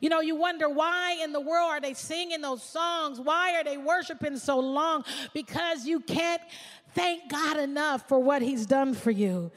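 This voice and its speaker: A woman pastor preaching a sermon, swinging from shouts to hushed asides. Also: high voice, a little slow, long reverb tail.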